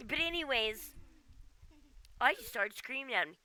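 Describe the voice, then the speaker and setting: A woman's voice: high-pitched, expressive, unhurried, long pauses, sharp tone, no room sound. A woman game streamer ranting casually at home, exasperated and often ending with "okay?". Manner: exasperated, keeps tagging "okay?". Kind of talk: casual livestream rant.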